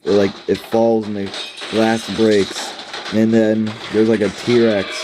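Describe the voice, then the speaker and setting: A man's voice: on the low side, level tone, slow, background noise. A man giving offhand, rambling commentary while playing an app game, full of fillers and restarts.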